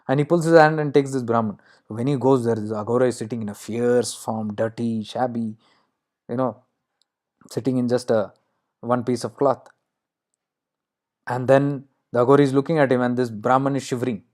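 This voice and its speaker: Spiritual teacher, earnest and explanatory, mid-pitched. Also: male voice, fairly even intonation, normal speed, a little mellow. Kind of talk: spiritual talk with storytelling.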